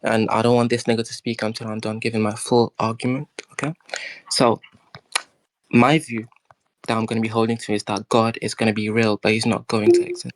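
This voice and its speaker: A man's voice: on the low side, flat delivery, brisk, dry recording. A man with a noticeable accent in a heated online debate, packing his arguments with dense philosophical jargon and hurling profane insults at his opponent. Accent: non-standard English accent.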